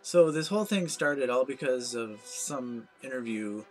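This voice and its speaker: Brief: male vlogger, mid-pitched voice, anxious rambling, self-mocking comedic rant. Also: animated, measured pace, faint music behind.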